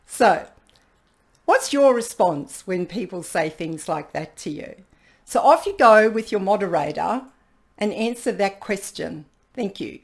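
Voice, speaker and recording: A woman leading an online workshop over a video call, lively and playful, acting out what people think to themselves. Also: medium pitch, measured pace. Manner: lively, playfully acts out people's inner dialogue. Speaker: workshop facilitator.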